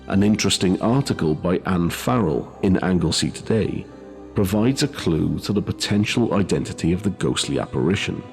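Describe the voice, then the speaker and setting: A man narrating a scripted ghost story in a measured way, with dry asides. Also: sits low, vocal fry. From Wales. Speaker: host and narrator.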